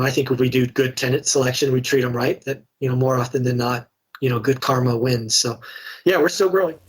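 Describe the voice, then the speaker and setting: Middle-aged man, slightly breathy voice, frank and chatty interview guest. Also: mid-range voice. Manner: candid, conversational, many restarts. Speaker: real estate investor and guest. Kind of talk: casual podcast interview storytelling.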